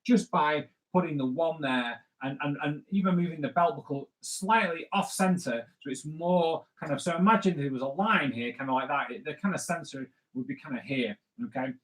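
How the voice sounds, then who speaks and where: Male comics artist, slightly high voice, loose jokey drawing tutor. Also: moderate pace, hardly any pauses. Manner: chatty, rambling, with jokey asides. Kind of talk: live drawing lesson.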